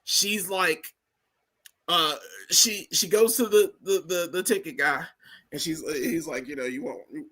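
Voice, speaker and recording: A man co-hosting a casual movie review podcast, talking excitably and repeating himself to make a point. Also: on the high side, measured pace. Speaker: podcast co-host.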